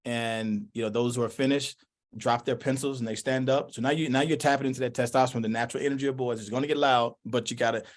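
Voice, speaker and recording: A man leading a parenting workshop, talking in loose, animated thoughts and acting out quotes as he answers questions. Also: mid-range voice, fast talker. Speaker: workshop presenter. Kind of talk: lively workshop talk. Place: workshop room.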